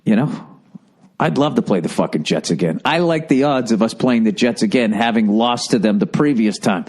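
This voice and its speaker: A man's voice: fairly low pitch, expressive, normal speed, darkish tone. A man hosting a podcast, delivering a profane, sarcastic comic rant, mocking and riffing loosely. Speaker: podcast host.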